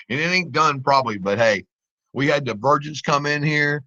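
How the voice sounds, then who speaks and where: Man, stream host, bright voice, excitable running commentary, muffled lo-fi mic. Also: a little high, moderate pace. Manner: exclaims and laughs often, talks to viewers as guys. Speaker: live trading stream host. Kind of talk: excited live commentary on trades.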